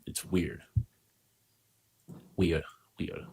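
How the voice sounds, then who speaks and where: A man's voice: a bass voice, level tone, extremely slow, gravelly, a little mellow, husky. A man from the United States, a podcast guest, rambling in a loose, playful way and teasing his co-host. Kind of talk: casual chat.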